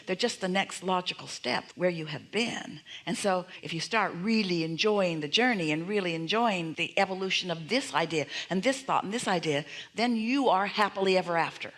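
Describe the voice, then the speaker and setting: A woman's voice: lowish voice, fairly quick, fairly bright tone. Emphatic woman teaching a seminar. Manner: speaks as "we", emphatic repeated affirmations, rhetorical questions. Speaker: seminar speaker. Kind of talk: motivational teaching to an audience.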